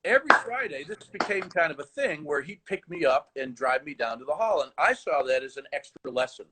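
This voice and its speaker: A man who teaches the horn, telling stories in animated conversation with frequent restarts over a video call. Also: fairly high pitch, brisk, breathy edge, low-quality recording. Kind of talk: conversational storytelling.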